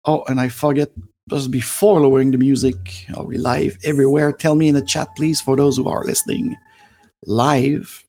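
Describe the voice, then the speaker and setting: A man's voice: mid-range voice, huge pitch swings, normal speed, mellow. A French-Canadian man in his forties with a Quebec French accent, hosting a rambling live stream with many fillers and restarts. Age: 40s. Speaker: livestream host.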